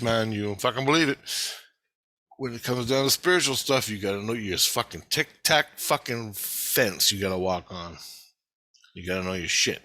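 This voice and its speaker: A male vlogger, agitated and swearing heavily, tells a rambling spiritual story to camera as a monologue. His voice is medium-pitched with a sharp tone and no echo.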